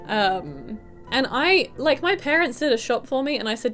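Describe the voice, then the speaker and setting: A young woman chatting to viewers while playing a game, casual and giggly. Her voice sits fairly high and swings widely. Faint music plays underneath. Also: animated, a little fast, a bit bright. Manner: chatty, giggly, talks to chat. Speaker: streamer. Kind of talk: casual gaming stream chat.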